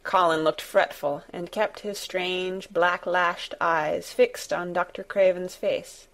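A woman narrating a classic children's novel in a steady, measured storytelling manner. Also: lowish voice. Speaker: audiobook narrator. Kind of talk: scripted narration.

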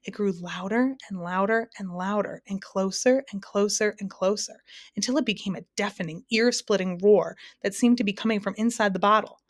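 A woman narrating a storybook with a steady, expressive reading. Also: mid-range voice, moderate pace, no room sound, studio quality.

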